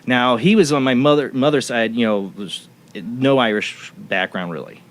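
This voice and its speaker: This radio host speaks at a moderate pace in a medium-pitched voice. During a relaxed talk show conversation, he wanders through a personal tale, frequently starting over.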